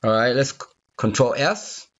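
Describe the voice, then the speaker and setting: A man teaching a software tutorial while he debugs on screen, thinking aloud, repeating phrases and asking the viewer if they see it. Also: medium pitch, animated, normal speed, highs cut off. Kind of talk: unscripted screen-recorded coding walkthrough.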